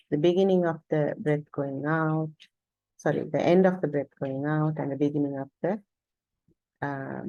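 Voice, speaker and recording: A woman guides a meditation lesson, leaving long deliberate pauses between her words. Her voice is mellow and low-set, and the recording is close and dry. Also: no echo, dull audio. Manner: slow, pausing deliberately, with soft fillers and self-corrections. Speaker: meditation teacher.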